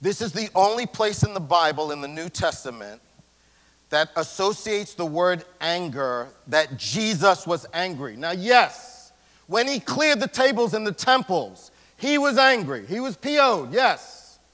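High, lively-voiced male pastor preaching. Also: a little slow. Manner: swings between loud emphasis and hushed near-whispers; casual slangy preaching. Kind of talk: sermon. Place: church sanctuary. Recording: long church hall reverb.

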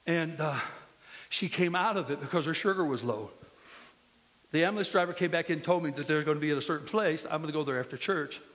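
A man's voice: a little high, quick pace, fairly bright tone, long reverb tail. A man preaching a sermon as pastor, impassioned and full of storytelling, in a church sanctuary.

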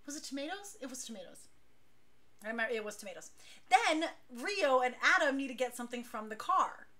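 A woman leading a dance crew, telling stories casually on a talk show, chatty and animated, laughing now and then. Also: high-pitched, fairly quick.

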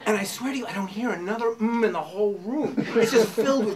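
A woman's voice: mid-range voice, fast talker, few pauses. A woman telling a rambling personal story to a group, laughing and restarting often. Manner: animated, laughing, many restarts. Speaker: workshop participant telling a story. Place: room with a group. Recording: distant mic with a crowd in the room.

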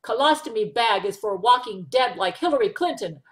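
A woman's voice: on the high side, lively intonation, normal speed, natural voice. Woman putting on a bellowing broken-English man. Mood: indignant. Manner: shouting, loud declarations. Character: blustering man in broken English, stubborn and furious.

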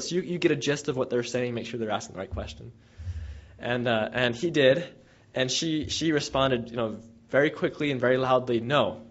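A young man with a mid-range voice, a former field researcher, tells students a casual story from his fieldwork. He rambles, restarting often and using lots of fillers, but gets animated when he retells dialogue. The recording is dull and lo-fi.

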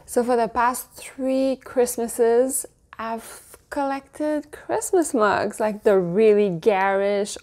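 A woman in her thirties chatting casually at home while showing off a haul, gushing and now and then cooing in a high baby voice. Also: darkish tone. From Canada. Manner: gushing, coos in a high baby voice at her dog and cute mugs. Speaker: vlogger. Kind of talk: casual show-and-tell haul.

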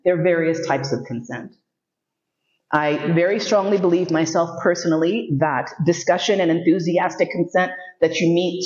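A sexuality educator in her fifties, originally from New York City, tells humorous, candid stories in a lecture and acts out quoted voices. Her pitch is fairly low and her tone darkish, heard through a muffled, roomy recording.

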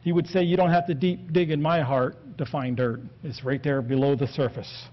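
A man's voice: a little high, fairly even intonation, normal speed. A man preaching an earnest sermon, steadily working through scripture quotes. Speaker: pastor. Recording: dull lo-fi recording.

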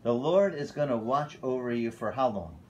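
A male pastor preaching a casual, animated sermon at a church fellowship. He often tells stories and corrects himself mid-sentence. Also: medium pitch, normal speed, dull audio. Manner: animated, storytelling, self-correcting.

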